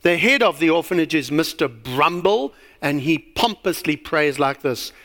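A man's voice: on the high side, animated, normal speed, fairly bright tone. A man preaching a sermon, telling a story with a lot of animation and asking rhetorical questions.

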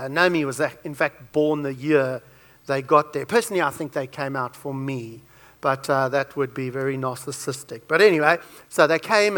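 A man preaching a sermon, joking and telling personal stories as he makes his point. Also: on the high side. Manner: animated, joking storyteller.

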